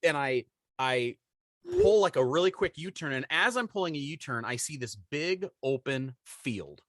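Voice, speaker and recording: A man in his forties telling a story on a podcast in casual chat, animated and acting out the voices of people in it. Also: medium pitch, normal speed, dry recording, studio quality. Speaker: podcast co-host.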